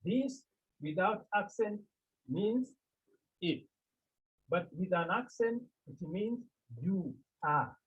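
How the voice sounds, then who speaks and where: A Cameroonian man leads a Greek lesson at an unhurried, measured pace. His voice is a little husky. It comes through a thin, phone-like line. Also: sits high, animated. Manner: slow, deliberate, repeats key points and checks with "Okay?". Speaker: Greek teacher. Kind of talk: classroom lecture.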